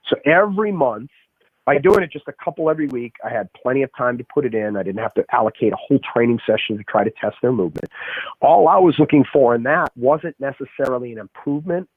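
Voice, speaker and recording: A strength coach from the Boston area, speaking with a Boston accent, explains his methods emphatically in a podcast interview and restarts often. His voice is medium-pitched and husky, recorded dry over a tinny, phone-like remote call.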